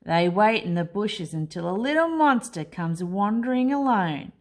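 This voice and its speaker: A woman's voice: medium pitch, expressive, moderate pace, darkish tone, close to an everyday voice. A woman voicing an older male monster sibling who croons and growls to tease his little brother. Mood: teasing.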